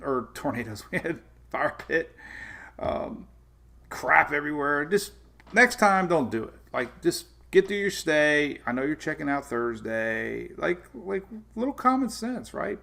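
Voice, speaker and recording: A man hosting a weather show, chatting casually and telling an animated story with many restarts and laughs. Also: fairly high pitch, a little slow, gravelly. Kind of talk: casual livestream chat.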